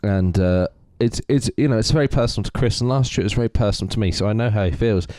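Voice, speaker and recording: A man with an English accent co-hosting a podcast, talking in a relaxed, supportive and blunt way. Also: on the low side, quick pace, no room sound, studio quality. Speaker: podcast co-host. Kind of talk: casual podcast chat.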